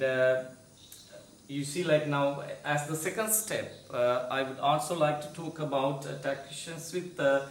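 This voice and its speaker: A man teaching an online English grammar lesson, explaining slowly with many "uh" fillers, then saying example sentences with clear rising and falling intonation. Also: mid-range voice, roomy sound, a little hiss or hum.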